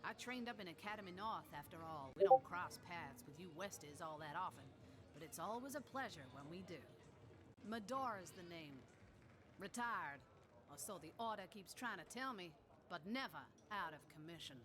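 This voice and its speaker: A woman's voice: fairly low pitch, lively intonation, moderate pace, close to an everyday voice. A woman voicing a boisterous retired woman warrior with a Southern American accent, folksy and rousing in a video game. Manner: folksy, rousing, full of old sayings. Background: game music.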